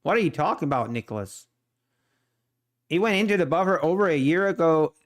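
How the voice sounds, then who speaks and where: A man's voice: a little high, lively intonation, a little fast. A middle-aged man, chatting casually on a trading livestream, laid-back and joking. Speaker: day trading livestream host. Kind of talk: casual live-stream chat.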